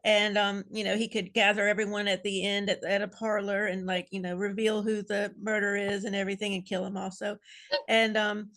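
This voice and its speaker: A woman's voice: medium pitch, little pitch movement, brisk, a bit bright. A woman fan panelist on a video call, rambling playfully through a speculative idea and adding amused asides. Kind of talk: casual video-call chat.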